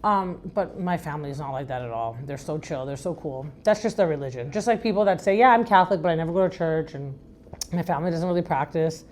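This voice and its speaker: A middle-aged woman from Iran with a deep, raspy voice, hosting a podcast in a frank, rambling, chatty way. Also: quick pace, darkish tone, a little hiss or hum. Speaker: podcast host. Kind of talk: casual recap chat.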